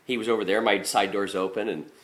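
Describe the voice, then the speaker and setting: A man's voice: on the low side, fairly even intonation, quick pace, fairly bright tone. A man who drives a garbage truck, telling work stories in a casual, rambling monologue, blunt and profane with frequent restarts.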